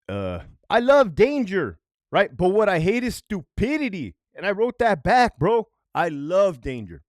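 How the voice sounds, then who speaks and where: A middle-aged former correctional officer rants through his prison stories, cursing freely and tossing in "right?" after nearly every point. His voice sits fairly high and swings widely up and down as he gets worked up. The sound is close and dry. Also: moderate pace, no echo. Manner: profane, keeps asking "right?"; animated and worked up. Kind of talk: storytime commentary.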